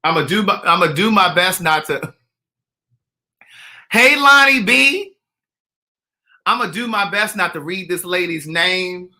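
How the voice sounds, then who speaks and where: A man, vlogging in a sassy, teasing, animated way at home. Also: sits high, moderate pace. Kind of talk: casual comedic vlog. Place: indoors at home.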